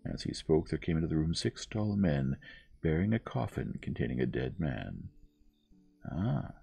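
Man, bedtime story narrator, calm and measured, low creaky voice, faint music behind. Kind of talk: gentle bedtime story reading.

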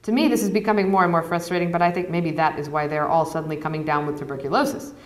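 A woman author reading her novel aloud to an audience at a university, in measured, even first-person narration. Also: low voice. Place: university lecture hall. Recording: echoey hall.

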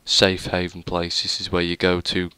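In a deep, monotone voice at normal speed, pushed and bright, clear and resonant, a young man records dry. He's a gaming YouTuber casually commentating a let's play, wandering through a game world with self-deprecating rambling and hesitant fillers.

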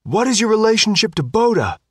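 Narrator putting on a pushy high-voiced reporter, insistent, audiobook. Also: male voice, very animated, a little fast, a bit bright, no room sound, clean studio sound. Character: reporters, pushy and shouting questions.

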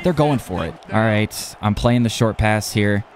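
A young man commenting on his own football video game as he plays, excitable and talking to himself, often yelling at plays. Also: fairly low pitch, normal speed, hardly any pauses. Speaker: gaming YouTuber. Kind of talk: live gameplay commentary.

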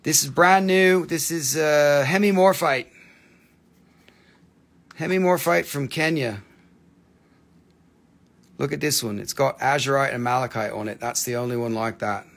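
A man's voice: medium pitch, a little slow, creaky, long pauses, a bit bright. A man selling minerals on a live stream, chatting casually and rambling, tired after hours on air. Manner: chatty, rambling, puts on crazy accents. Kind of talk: casual live sales chat.

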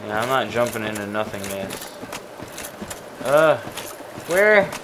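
Excitable man narrating his gameplay. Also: on the low side, takes it slowly, background noise. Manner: excitable, swings from mumbling to yelling. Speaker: gameplay commentator. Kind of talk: let's play commentary. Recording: loud game sounds behind voice.

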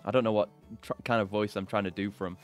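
A man's voice: lowish voice, fairly even intonation, quick pace, faint music behind. A man chatting casually over his gameplay, loose and swearing with self-mocking asides. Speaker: streamer.

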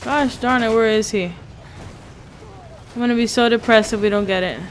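A woman's voice: on the high side, measured pace, slight background noise. An American woman chatting playfully and exclaiming while playing an online game. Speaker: gamer. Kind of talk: casual gaming chat.

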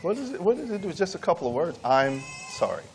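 A man preaching a sermon at a church camp meeting, swinging between high, pleading emphasis and quiet asides. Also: big pitch swings, rapid-fire, soft background music.

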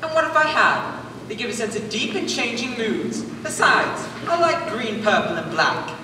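A woman's voice: a little high, sing-song, normal speed. A woman playing a touchy male playwright. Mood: defensive. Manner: reads stage directions aloud, indignant and defensive. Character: fussy male playwright, touchy about his work. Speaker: stage actor. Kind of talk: amateur stage play performance. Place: stage in a large hall. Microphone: far room mic. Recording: echoey hall from far off, audience noise.

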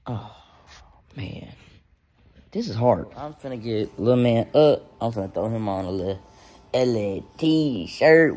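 A man's voice: medium pitch, animated, unhurried, pauses often, darkish tone. Emotional young father vlogging. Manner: emotional, talks to camera and baby. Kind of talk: casual family vlog.

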